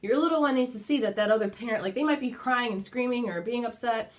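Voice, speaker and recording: A chatty woman speaks to camera from her home, sharing candid advice as a mother. Her talk is loose and conversational, sprinkled with "like" and the occasional swear word. She sounds like a relaxed motivational vlog. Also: fairly high pitch, fast talker. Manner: chatty and candid, casual swearing, many fillers like "like". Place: at home indoors.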